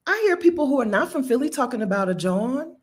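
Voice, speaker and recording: A woman in her fifties from Delaware, hosting and giving casual commentary, emphatic and quick to laugh. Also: sits high. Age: 50s. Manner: animated, emphatic, laughs often. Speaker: host.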